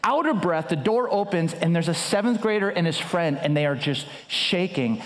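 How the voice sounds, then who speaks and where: A man in his thirties, a pastor preaching a sermon and telling a story with animated energy and frequent restarts. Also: high voice, moderate pace. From United States.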